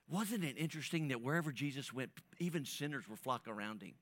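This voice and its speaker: A man preaching a sermon as pastor, talking to the congregation in a conversational way, dropping to near whispers and rising to loud emphatic peaks, often repeating and restarting his words. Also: medium pitch, animated, fast, hardly any pauses, dry recording, studio quality.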